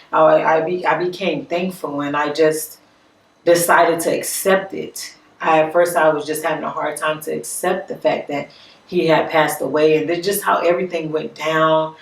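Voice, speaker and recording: Gravelly-voiced woman, halting and earnest. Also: low-pitched. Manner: halting, with frequent restarts and repeated words; earnest and reflective. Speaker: vlogger. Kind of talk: personal vlog talk. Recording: echoey room, voice from a distance.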